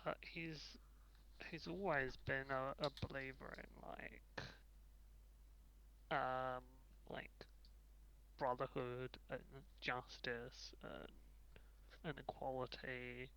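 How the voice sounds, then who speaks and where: A man's voice: mid-range voice, little pitch movement, takes it slowly, gravelly, long pauses, sharp tone, clear, resonant tone, poor audio. A man playing in a tabletop game, describing his character hesitantly with many fillers. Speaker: player. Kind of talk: casual tabletop session planning.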